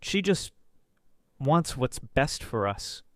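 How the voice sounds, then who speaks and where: A man reads out a weak, torn husband for a storybook, small and brittle in the voice, hesitating and wavering, pitched higher than the narration. The recording is dry. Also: big pitch swings, slow pace, dry recording. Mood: pleading.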